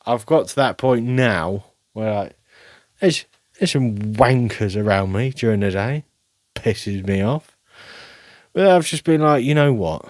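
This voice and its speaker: A man's voice: medium pitch, no room sound. A man hosting his own show, rambling through a casual, self-mocking monologue and laughing often. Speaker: podcast host.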